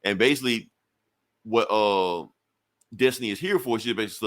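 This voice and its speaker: Podcast co-host, male, lower voice, easygoing and rambling, talks through a comic plot casually. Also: normal speed, long pauses. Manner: rambling, loose and conversational with frequent fillers. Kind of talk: casual comic book recap.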